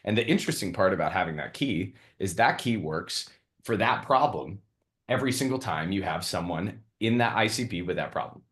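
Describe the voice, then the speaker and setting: A man's voice: deep voice, expressive, brisk, fairly bright tone. A man co-hosting a casual business show, telling stories in a laid-back way and swearing now and then. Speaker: co-host.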